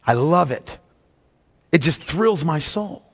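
A man preaching a sermon as pastor, impassioned and at times reading slowly and deliberately. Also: fairly high pitch, animated, long reverb tail.

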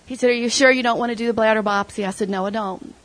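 Her voice fairly high and fairly even, a middle-aged woman quickly tells her church group an emotional personal testimony, quoting people as she recounts past conversations. The audio is poor.

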